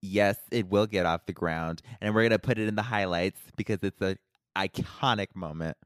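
A woman's voice: rumbling low, normal speed, no echo, studio quality. A woman co-hosting a podcast in casual chat, sarcastic and joking. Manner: sarcastic, joking, animated bursts. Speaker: podcast co-host.

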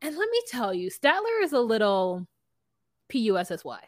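A woman's voice: fairly high pitch, normal speed, dry recording, studio quality. Blunt, profane woman podcast co-host. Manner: blunt, profane and animated, often laughing. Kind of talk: casual recap chat.

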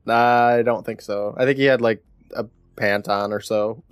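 A man co-hosting a podcast, retelling an episode from his notes in a wry, deadpan way with frequent laughs. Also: lowish voice, moderate pace, clean tone, no echo, clean studio sound. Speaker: podcast co-host recapping an episode. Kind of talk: casual chat, recapping from notes.

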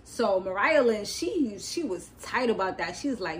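A young woman hosting a podcast, casually recapping a reality show in an animated, slangy way, laughing often and wandering into side notes. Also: mid-range voice, normal speed, few pauses, a little hiss or hum, poor audio. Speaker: podcast host.

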